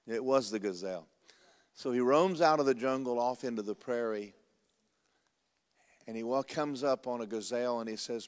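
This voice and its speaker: A man preaching a sermon, pastor of his church, telling a story in a folksy, animated, repetitive way. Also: mid-range voice, normal speed, long pauses, smooth, big-room sound.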